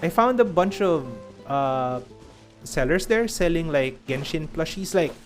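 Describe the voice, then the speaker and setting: A man's voice: fairly high pitch, expressive, a little slow, faint music behind. A man with a Filipino accent chatting casually while streaming a game, rambling and laughing often.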